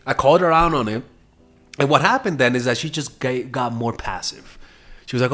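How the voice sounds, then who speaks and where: A young man talking casually as a dating coach, profane and lively, laughing at his own stories. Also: mid-range voice, moderate pace. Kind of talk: casual monologue.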